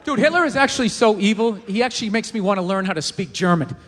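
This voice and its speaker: A man doing a stand-up comedy routine, rambling and swearing through animated rants. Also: high-pitched, fast talker, big-room sound, some chatter behind. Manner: profane, rambling, animated rants with acted-out quotes.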